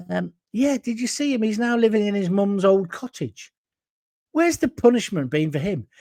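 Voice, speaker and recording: A middle-aged man hosts a solo talk show, delivering a blunt, indignant monologue. His voice sits high for a man and swings widely in pitch. The sound is dry and close, with little room around it. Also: darkish tone, no room sound.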